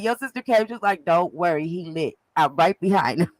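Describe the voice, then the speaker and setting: Animated woman telling a gossip story. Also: a little high, moderate pace, few pauses, no room sound, low-quality recording. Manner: animated storyteller, laughs often, acts out quotes. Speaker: co-host recapping an event. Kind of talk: casual gossip chat.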